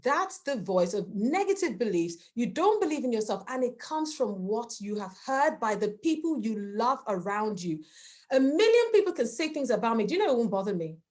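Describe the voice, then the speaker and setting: Presenting a parenting talk with slides, a woman speaks earnestly and emphatically, posing rhetorical questions to the audience and acting out the voices of children and parents. Her voice is a little high and slightly mellow, with a sing-song lilt at a moderate pace.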